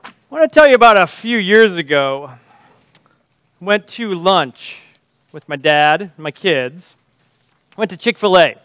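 A fairly high-pitched man delivers a sermon in an animated storytelling way, laughing lightly through his anecdotes. The sound is dry and close, with no room echo. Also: a little slow, pauses often. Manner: lively storytelling with chuckles. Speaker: preacher.

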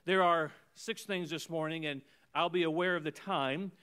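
Male pastor, high and resonant, preaching with emphatic repeated phrases and sudden drops to a hush. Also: fairly even intonation, moderate pace, clear, resonant tone. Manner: emphatic preaching with swings between loud and hushed; repeats phrases in rhythmic runs. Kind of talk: sermon.

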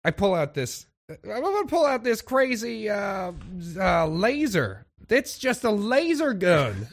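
A man's voice: sits high, wildly swooping pitch, slow pace, gravelly. A man playing a ship's medic in an improvised sci-fi role-play, goofy and hesitant, narrating his own actions with giggles.

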